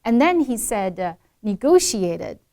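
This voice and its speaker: A woman's voice: medium pitch, measured pace, darkish tone. A woman accent coach giving a pronunciation lesson, explaining by saying the right and the wrong way side by side.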